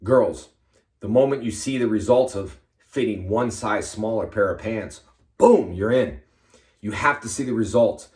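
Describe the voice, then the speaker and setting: A man, a karate instructor, giving energetic motivational fitness advice to his fans in short, punchy commands. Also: lowish voice, measured pace, echoey room.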